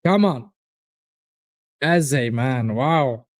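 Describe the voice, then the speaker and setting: A man hosting a live football watchalong, reacting to the match and chatting to viewers in an excitable, casual way. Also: mid-range voice, very slow, no echo. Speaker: watchalong host. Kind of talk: live fan reaction commentary.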